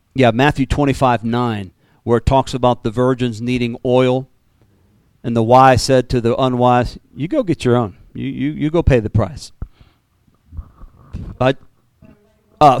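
A man preaching a sermon as pastor, animated, with sudden jumps in pitch and repeated words. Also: clear, resonant tone, dry recording.

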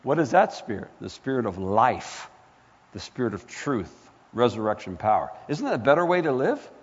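In an echoey hall with muffled lo-fi sound, a male pastor preaches at a moderate pace in a mid-range, sing-song voice with a breathy edge. His delivery is impassioned, asking rhetorical questions and rising nearly to shouts.

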